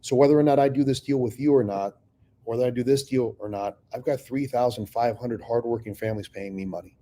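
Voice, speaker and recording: Middle-aged man, warm mellow voice, casual storytelling, swears freely, acts out the dialogue. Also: mid-range voice, brisk. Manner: profane, animated storyteller acting out dialogue. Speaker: real estate investor telling his story.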